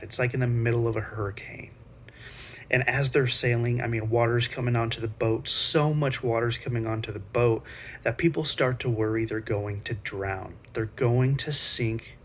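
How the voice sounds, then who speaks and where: A man's voice: mid-range voice, moderate pace, a little hiss or hum. A man teaching Sunday school, retelling a Bible story in a casual, conversational way with slangy asides.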